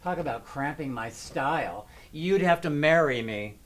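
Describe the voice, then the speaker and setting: A man's voice: on the high side, animated, unhurried, a bit bright. An older man acting a gay male drag performer, joking and wry in a TV drama.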